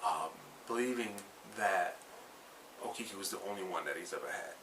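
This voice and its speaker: Low-voiced man, loose profane anime recap. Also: normal speed. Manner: rambling and profane, with many fillers and self-corrections. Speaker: anime reviewer. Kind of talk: casual episode recap. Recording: slightly distant mic with faint background noise.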